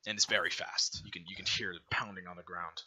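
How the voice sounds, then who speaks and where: A man running a tabletop role-playing game, narrating the scene in a loose, casual way packed with fillers. His voice is fairly low yet very bright and sharp-edged. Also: fairly even intonation, fast talker. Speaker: game master.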